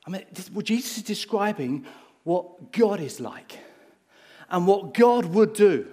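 A man preaching a sermon, acting out a Bible story with lively energy and getting short of breath as he moves about. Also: sits high, measured pace. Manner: animated, acts out the story, gets breathless.

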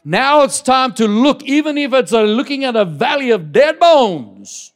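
Man preaching slow in a church, highish voice, leans hard on each phrase. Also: expressive. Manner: preaching with call-and-response, dramatic slow emphasis. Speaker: pastor. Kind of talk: sermon.

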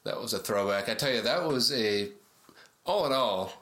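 Bright-voiced male sports co-host. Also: mid-range voice, lively intonation, moderate pace, slight background noise. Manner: chatty, analytical, easygoing. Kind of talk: casual sports talk.

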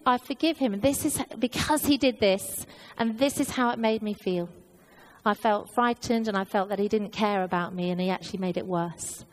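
A woman's voice: a little high, low-quality recording. A woman preaching a sermon, telling a personal story in an earnest way with many fillers and restarts.

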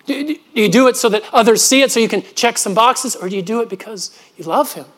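Man, preacher, high voice, earnest sermon, frequent restarts. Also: fast talker, a bit bright. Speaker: pastor.

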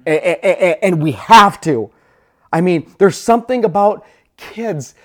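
A man preaching a sermon as pastor, talking through a story and building to impassioned, near-shouted declarations. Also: high-pitched, animated, a little slow.

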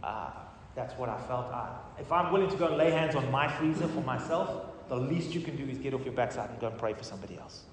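A middle-aged man, a pastor, telling a testimony in a sermon with animated storytelling that swings from loud to soft. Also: mid-range voice, fast, hardly any pauses, a little hiss or hum. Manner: animated storytelling, rising and falling in volume. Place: church hall. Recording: roomy hall reverb, distant mic.

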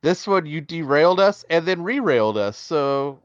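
A man's voice: on the high side, big pitch swings, moderate pace, no echo, highs cut off. A man co-hosting a podcast in casual chat, rambling and jokey. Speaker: podcast co-host.

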